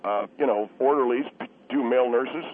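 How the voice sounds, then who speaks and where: A man's voice: medium pitch, moderate pace. Defensive male caller on a tinny phone line. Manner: defensive, stammering. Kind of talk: call-in conversation.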